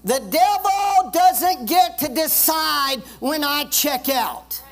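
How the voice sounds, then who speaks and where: A pastor preaching a sermon with emphasis, reading scripture and having the congregation repeat phrases after him. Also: male voice, extremely high pitch, animated, slow pace, a bit bright, soft background music. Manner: reads scripture aloud and explains it.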